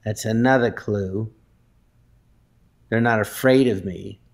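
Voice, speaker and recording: Appearing as a guest in an improvised comedic interview, a man stumbles over his words, restarts sentences and occasionally bursts into shouting. His voice is lowish and creaky, and he speaks slowly.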